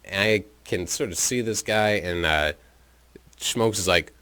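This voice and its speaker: Low-voiced man telling a rambling profane story. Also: measured pace, bright, forceful tone, clean tone. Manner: rambling and profane, with chuckles and filler words. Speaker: podcast storyteller. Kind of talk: casual personal storytelling. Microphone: own microphone.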